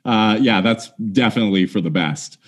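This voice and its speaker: A man's voice: on the low side, normal speed. A man co-hosting a casual podcast chat, joking dryly and sarcastically and swearing. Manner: dry sarcastic humor, swears. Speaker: podcast co-host.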